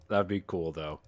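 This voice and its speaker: A man, a writer and voice actor, talking casually as a guest with a dry, wry sense of humour. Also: low voice. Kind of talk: casual conversation.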